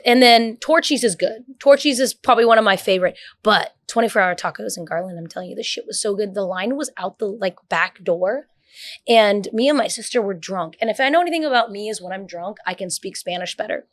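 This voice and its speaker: A woman's voice: medium pitch, a little fast. A woman on a podcast, telling stories in casual chat. She swears freely and acts out the people she quotes. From north Texas. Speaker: podcast guest.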